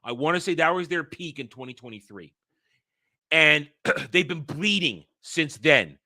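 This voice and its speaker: A male host and commentator reads an article aloud and tears into it in a heated, profane reaction rant, repeating his rebuttals. His voice is high-leaning, pushed and bright with lively intonation, a little slow, and he has the hiccups.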